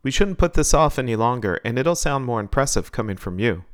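A man's voice: mid-range voice, animated, a little fast, voice pushed up, natural voice. A man reading the part of a pushy young mother, in a raised voice. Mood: insistent.

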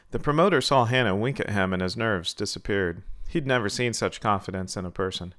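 A man narrating a story in a steady, even reading. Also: fairly low pitch, a little fast, few pauses.

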